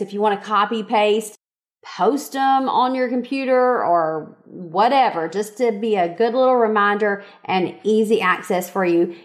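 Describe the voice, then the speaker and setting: Woman, podcast host, upbeat, encouraging, chatty, mid pitch. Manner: upbeat, encouraging, chatty with frequent "okay?" and "y'all". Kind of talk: solo podcast advice talk.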